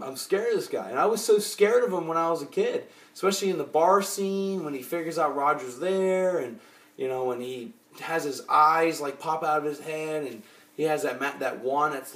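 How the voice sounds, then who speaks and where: A man casually chatting about the movies he bought, rambling and restarting often, with lots of fillers. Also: mid-range voice. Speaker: movie collector vlogger. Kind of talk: casual chat. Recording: roomy echo.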